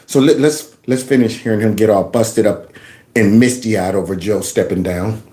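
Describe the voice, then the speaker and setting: A man hosting a reaction commentary show, mocking news clips with loud laughter and playful storytelling. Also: on the low side, normal speed, echoey room, slight background noise.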